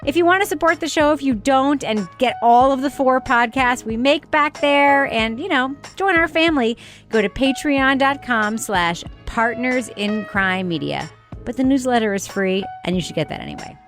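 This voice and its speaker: Brisk, joking woman co-host. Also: high voice, expressive, fairly bright tone, soft background music. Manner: brisk, joking, plugs the show. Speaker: podcast co-host. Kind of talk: casual podcast banter.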